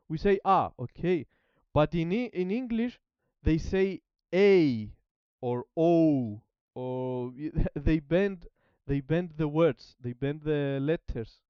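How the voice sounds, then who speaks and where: Guy rambling on his stream, restarts a lot, kinda dull lo-fi sound, smooth clear voice. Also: on the high side, no echo. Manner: halting, repeats words while searching for them. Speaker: language-learning streamer. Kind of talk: casual rambling chat.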